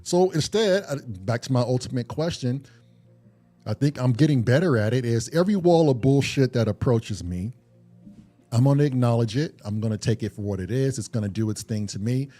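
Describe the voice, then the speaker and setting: A man's voice: medium pitch, lively intonation, brisk, mellow, faint music behind. A man on a podcast talking earnestly and reflectively, swearing casually and often restarting his sentences. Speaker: podcast co-host.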